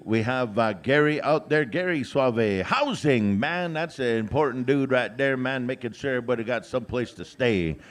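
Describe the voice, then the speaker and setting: A man's voice: mid-range voice, expressive, moderate pace, hardly any pauses. A man emceeing a powwow outdoors, drawing out names as he announces them, with frequent "uh" fillers and joking asides. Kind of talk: live announcing with jokes.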